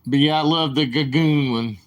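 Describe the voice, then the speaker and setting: A man rambling and apologizing in casual chat on his live stream. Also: a little high. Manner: rambling, apologetic, slow-talking.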